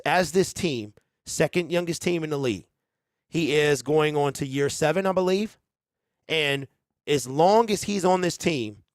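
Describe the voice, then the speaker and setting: A man's voice: a little high, no echo, studio quality. A man hosting a sports talk show, giving rambling, conversational commentary with emphatic opinions.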